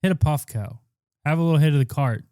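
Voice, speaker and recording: A man's voice: on the high side, fast talker, smooth, dry recording, studio quality. A man co-hosting a casual podcast, telling crude stories in a rambling, profane way and acting out the people he quotes. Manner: rambling, profane, animated retelling with quoted voices. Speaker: podcast co-host. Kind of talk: casual crude storytelling chat.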